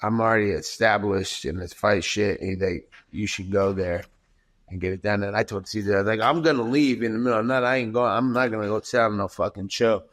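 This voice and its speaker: Man, fighter guest on a podcast, lowish voice, casual profane storytelling, acts out quotes, frequent restarts. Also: brisk, fairly bright tone.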